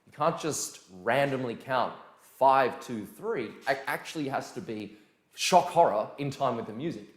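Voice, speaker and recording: A man teaching a dance lesson in a casual, energetic way, counting beats aloud. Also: mid-range voice, moderate pace. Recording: echoey room with music behind.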